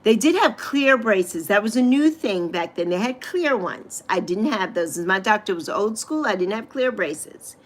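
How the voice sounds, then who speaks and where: A woman's voice: medium pitch, expressive, normal speed, hardly any pauses. A woman in her sixties hosting a casual livestream, chatting straight to her viewers and calling them honey. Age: 60s. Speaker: livestream host reading viewer comments. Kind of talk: casual live chat. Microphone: phone or webcam on a livestream.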